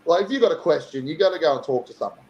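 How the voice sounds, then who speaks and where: A man's voice: on the high side, expressive, racing, highs cut off. A man chatting on a podcast, joking at times and earnest at others. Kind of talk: casual chat. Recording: loud crowd noise behind.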